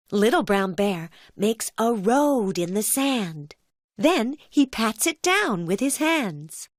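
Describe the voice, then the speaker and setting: A woman telling a children's cartoon story as narrator, in a gentle storybook manner. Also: a little high, no echo, clean studio sound.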